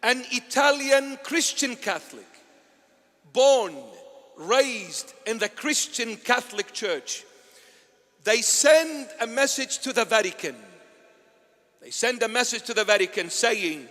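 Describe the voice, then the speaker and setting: High-voiced male preacher in a reverberant church. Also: takes it slowly. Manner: animated storyteller acting out voices. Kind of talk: storytelling sermon.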